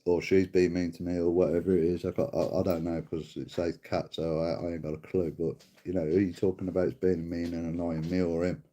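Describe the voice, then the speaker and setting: A middle-aged man hosting a livestream squabbles with a viewer, swearing, making fun of him and calling him mate. His low, dark voice moves little in pitch, running a little fast with few pauses.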